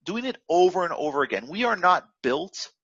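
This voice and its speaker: A man's voice: high voice, sing-song, a little fast, a bit bright, slightly rough, no echo, muffled recording. A man giving an unscripted, direct coaching talk on trading discipline, full of fillers and restarts. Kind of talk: unscripted motivational lesson.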